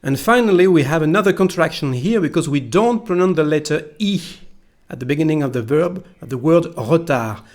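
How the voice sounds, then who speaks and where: This French-accented man, a native speaker from France, runs a slow pronunciation lesson, patiently going over phrases again for learners. His fairly high voice is expressive and brisk.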